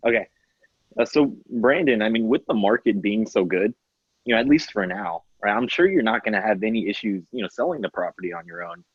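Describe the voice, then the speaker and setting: A man rambles through a sales script on a video call, packing his lines with fillers. His low, husky voice comes across on dull, dry audio. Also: expressive, brisk, no echo. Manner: rambling, heavy on "you know". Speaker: real estate agent practicing a script.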